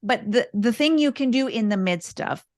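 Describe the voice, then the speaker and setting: A woman speaking as a podcast guest, explaining parenting steps calmly and often repeating words as she thinks. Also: a little high, moderate pace, no echo, studio quality. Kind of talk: casual interview talk.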